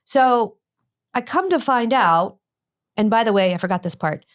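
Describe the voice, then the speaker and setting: A woman's voice: on the high side, a little slow. A middle-aged woman, a guest on a talk show, telling a personal story and acting out the dialogue she quotes. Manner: animated, acts out quoted dialogue. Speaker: addiction expert guest. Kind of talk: personal storytelling in a podcast interview.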